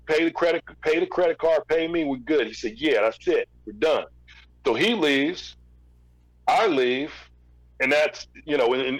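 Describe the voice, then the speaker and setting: A middle-aged man tells a story as a guest in a casual interview. He acts out both sides of each conversation and often repeats words as he restarts his sentences. His voice sits in a middle register and sounds dry and close, with no room echo. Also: mid-range voice. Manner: recounts events through quoted back-and-forth dialogue. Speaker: podcast guest, former record label executive.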